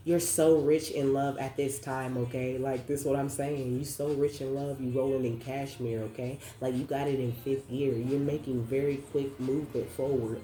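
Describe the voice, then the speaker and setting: Very low-voiced woman giving a spiritual reading. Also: dark tone, echoey room. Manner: effusive, affirming, slangy with casual swearing. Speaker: intuitive card reader. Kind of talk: casual spiritual reading to viewers.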